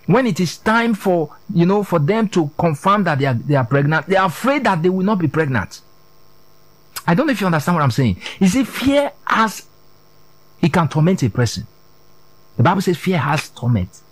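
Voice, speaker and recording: A man preaching a sermon, often checking whether his listeners are following him, and dropping low on key words. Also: breathy edge, no room sound, poor audio. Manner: repeats "are you getting this?" to the congregation.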